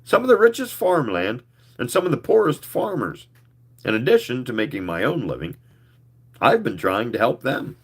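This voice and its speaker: A man's voice: medium pitch, sing-song, normal speed, slightly rough, voice pushed up. A man reading the part of an earnest, formal alien man who is part machine, in a storybook reading.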